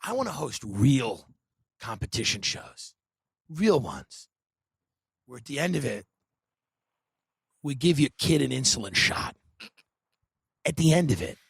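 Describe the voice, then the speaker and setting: A man hosting a podcast, riffing in a sarcastic, deadpan comedic monologue full of dark satire and sudden mimicked voices. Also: medium pitch, a little slow, creaky, long pauses, breathy edge, no room sound. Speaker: podcast host.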